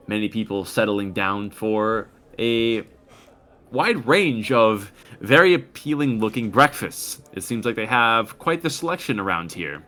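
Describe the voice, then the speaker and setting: A man running a tabletop game, narrating the story in a measured, descriptive way with occasional pauses. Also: fairly low pitch, a bit bright. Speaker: game master.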